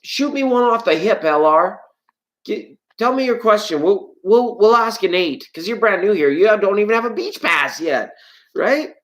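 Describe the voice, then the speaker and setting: A tarot reader hosting a live stream, chatting with viewers in a rambling, joking way, with the voice jumping up in pitch when excited. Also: normal speed, low-quality recording. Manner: rambling, playful and jokey; greets and answers viewers from chat.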